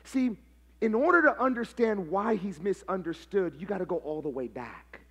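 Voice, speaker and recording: A pastor preaching a live sermon, calling on his congregation to answer back and building to shouted, sing-song passion. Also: high voice, animated, moderate pace, slightly rough. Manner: call-and-response preaching, prompting the congregation.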